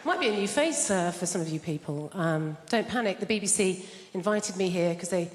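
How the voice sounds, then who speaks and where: A woman's voice: on the low side, expressive, a little fast. A woman from England doing a stand-up routine, chatty and self-deprecating, teasing the audience. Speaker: stand-up comedian. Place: large theatre stage. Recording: big theatre with long reverb and loud noise.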